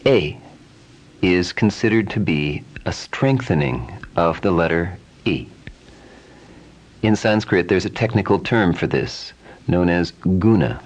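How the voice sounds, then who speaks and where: A man with a low, deep voice teaches pronunciation at an unhurried, measured pace. He speaks calmly and repeats each vowel sound several times as a drill. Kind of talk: slow, deliberate pronunciation lesson.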